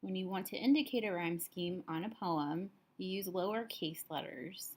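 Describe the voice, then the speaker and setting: A woman teacher calmly walking students through a recorded lesson, explaining step by step, a little tired. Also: on the low side, normal speed.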